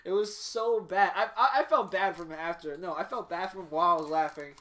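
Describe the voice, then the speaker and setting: A man's voice: high voice, a little fast, bright, forceful tone. Slangy young man telling a story. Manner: loose, slangy, repeats himself. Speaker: podcast co-host. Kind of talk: casual storytelling chat.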